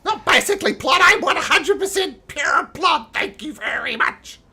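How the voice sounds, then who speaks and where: A man voicing a little male goblin prisoner who shouts his innocence in a high, shrill, defiant voice. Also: expressive, moderate pace, exaggerated voice. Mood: indignant.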